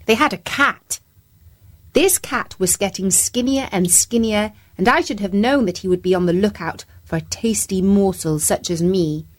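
A woman narrating a children's story in an expressive, playful, chatty way, speaking as the mouse. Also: mid-range voice, normal speed.

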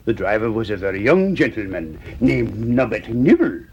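Gravelly, sing-song storybook narrator man. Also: on the low side, sing-song, moderate pace, darkish tone, dull audio, a little hiss or hum. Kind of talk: storybook reading.

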